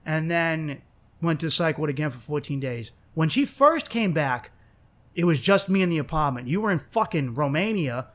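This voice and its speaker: A young man in casual chat, telling a story with lots of swearing and lively acted-out quotes. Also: a little high, normal speed. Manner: profane, animated, acts out quoted voices.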